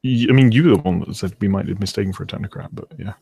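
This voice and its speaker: A man's voice: on the low side, racing, gravelly, mellow, breathy edge, no echo. A man playing a tabletop role-playing game, asking blunt questions in casual chat. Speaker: player.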